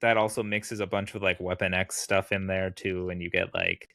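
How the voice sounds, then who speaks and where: Laid-back low-voiced man chatting comics. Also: flat delivery, normal speed, vocal fry, bright, forceful tone, no room sound, clean studio sound. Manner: laid-back, slangy, quotes characters in an exaggerated way. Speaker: podcast co-host. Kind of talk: casual comic book chat.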